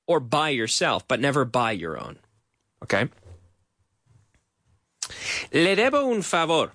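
A man's voice: fairly high pitch, huge pitch swings, measured pace, long pauses, sharp tone, dry recording, studio quality. A man teaching English in a live-streamed lesson, repeating phrases to drill them and switching between English and Spanish.

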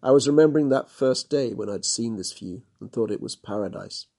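Husky man reading a story aloud. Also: medium pitch, brisk, warm tone. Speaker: narrator. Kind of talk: storybook narration.

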